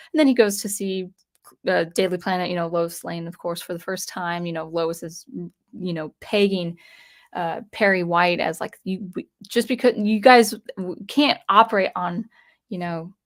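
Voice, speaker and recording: Chatty woman retelling a comic plot. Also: lowish voice. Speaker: comic book reviewer. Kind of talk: casual unscripted review.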